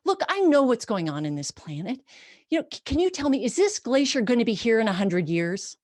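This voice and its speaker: A woman voicing a troubled female cruise passenger who talks in quick, halting bursts. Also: a little high, very animated, darkish tone, dry recording, studio quality, voice pushed up.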